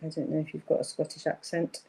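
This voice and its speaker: A woman's voice: low-pitched, level tone, quick pace, gravelly, warm tone, slightly rough, poor audio. A woman hosting a live-streamed craft tutorial from her craft table at home, thinking aloud as she paints and often apologizing. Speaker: craft workshop host.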